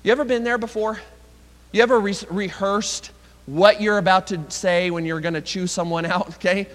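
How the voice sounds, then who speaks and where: A man's voice: high-pitched, fairly even intonation, normal speed, a bit bright. A man preaching a sermon, retelling a story with asides to the congregation, recorded with long reverb in a large hall.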